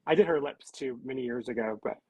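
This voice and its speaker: A woman hosts a casual live stream in a very deep, husky, slightly breathy voice that's a little mellow, talking quickly. She's upbeat and chatty, keeps calling her viewers "guys," and the sound is dry and close like a video call, with no room sound.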